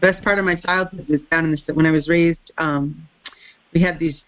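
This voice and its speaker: A woman's voice: low voice, steady tone, fairly quick, no room sound, highs cut off. Chatty woman host on a call. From American South. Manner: chatty, rambling, laughs often. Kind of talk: casual group call chat.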